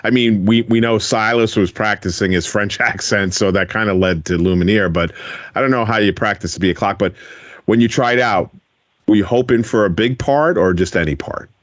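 A man's voice: on the low side, normal speed, no room sound. A man hosting a radio interview show, asking children encouraging follow-up questions from a studio.

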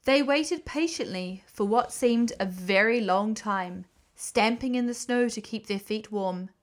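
A woman's voice: fairly high pitch, a little slow. Woman reading a children's story aloud.

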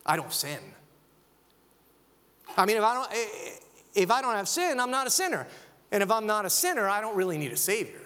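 Animated man preaching in a reverberant hall. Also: high-pitched, normal speed. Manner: animated preaching, acting out quotes. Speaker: pastor. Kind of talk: sermon.

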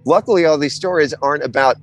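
A man with a slightly higher voice tells a wild story in a casual chat. He swears constantly and keeps restarting his sentences, pitching his voice way up for the tense moments. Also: fast talker. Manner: profane, animated storytelling with many restarts.

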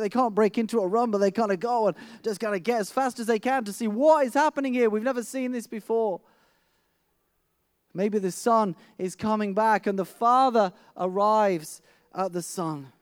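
A man's voice: high voice, no room sound, studio quality. A middle-aged man preaching a sermon, telling a vivid personal story with frequent restarts.

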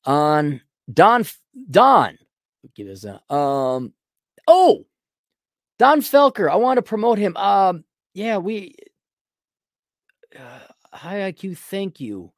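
A man's voice: high-pitched, big pitch swings, slow, long pauses, dry recording. Podcast host, male, middle-aged, American, rambling and sarcastic, dry close sound. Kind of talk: casual ranting monologue.

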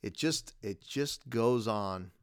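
A man's voice: fairly low pitch, slow, clean tone, no echo, clean studio sound. A man in his thirties hosting a casual solo podcast, rambling and self-deprecating, laughing often as he talks. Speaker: podcast host.

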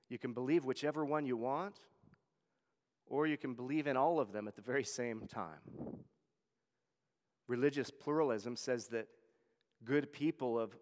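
A man's voice: medium pitch, big-room sound. A man serving as a church elder, preaching a conversational sermon and often repeating words as he goes. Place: church hall.

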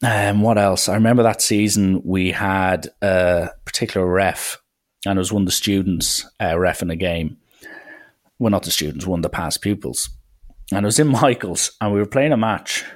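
A man with an Irish accent hosting a podcast, telling stories in a chatty, animated way full of "like" and acted-out quotes. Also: low voice, moderate pace. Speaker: podcast host. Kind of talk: casual storytelling.

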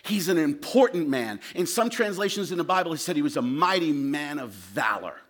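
A male pastor preaching a sermon with passion, swinging from loud shouted lines to low, quiet asides. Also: expressive, brisk.

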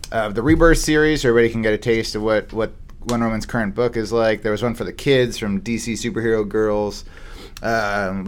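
A man's voice: on the low side, clean tone. Laid-back man hosting a shop podcast. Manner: rambling, loose storytelling with fillers and casual swearing. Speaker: comic shop owner and podcast host. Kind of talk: casual podcast chat.

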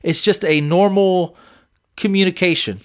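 A man's voice: high-pitched, measured pace. A man co-hosting a casual podcast, arguing his side and acting out quoted voices with plenty of swearing. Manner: animated, acts out quoted voices, swears freely. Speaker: podcast co-host. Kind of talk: casual debate chat.

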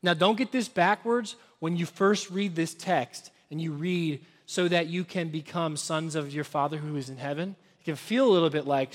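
A man preaching a sermon as pastor, building to loud intensity and dropping to hushed whispers. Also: on the high side, normal speed, hardly any pauses, long reverb tail.

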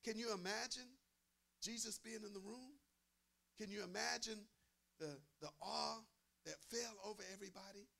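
Male preacher, high and gravelly, emphatic sermon delivery with repeated phrases. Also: bright, forceful tone. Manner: emphatic, repeats phrases, asks the crowd "amen?".

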